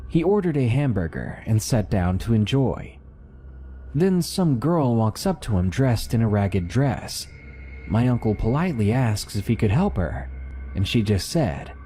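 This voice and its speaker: A man giving scripted narration of submitted horror stories, with lively, dramatic storytelling. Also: mid-range voice, slight background noise.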